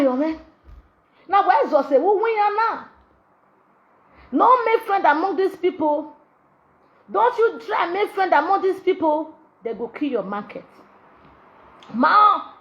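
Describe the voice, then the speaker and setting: A woman with a Nigerian accent rants to camera in Pidgin, her voice pitched high as she scolds and mocks in looping, sing-song repetitions. The sound is dull and lo-fi, like a cheap phone recording. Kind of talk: ranting monologue in Nigerian Pidgin. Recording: dull lo-fi audio.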